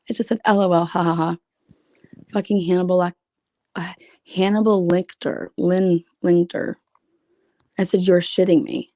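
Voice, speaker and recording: A woman's voice: medium pitch, warm tone, no room sound, studio quality. A woman streaming casually, reading private messages aloud with blunt, sarcastic, profane asides. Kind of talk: casual livestream commentary.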